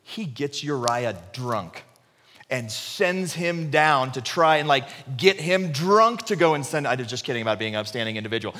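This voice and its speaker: A man preaching a conversational sermon, retelling the story animatedly and dropping his voice low for emphasis. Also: sharp tone, in a large hall.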